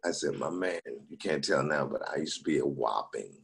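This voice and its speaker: A man's voice: rumbling low, lively intonation, a little fast, creaky. A middle-aged comedian telling stories casually, laughing as he acts out the people he quotes. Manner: laughing anecdotal storytelling with quoted voices. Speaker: comedian guest. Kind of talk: casual storytelling.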